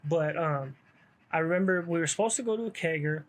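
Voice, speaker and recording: Man, casual slangy storyteller, slightly high voice, loose street talk, swearing. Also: fairly quick. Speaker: vlogger telling his own story.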